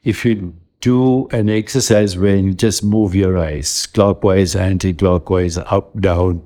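A wellness author in his seventies, with a very low, deep voice, answers questions as an interview guest. Calm and measured, he takes his points one at a time and lists each in turn.

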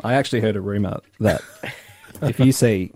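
A man's voice: lowish voice, moderate pace, a little mellow, slight background noise. A man, a radio co-host teasing in casual banter with a dry manner.

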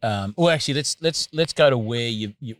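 A man's voice: mid-range voice, brisk, a bit bright. A male interviewer asking questions hesitantly and rephrasing as he goes.

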